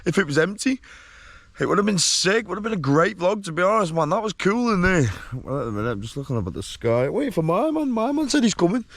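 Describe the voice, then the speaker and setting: Lively excitable lad. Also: male voice, high voice, fast talker, no room sound. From England. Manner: chatty and excitable, laughs often, slangy. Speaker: travel vlogger. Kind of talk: casual vlog chat to camera. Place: glamping site outdoors.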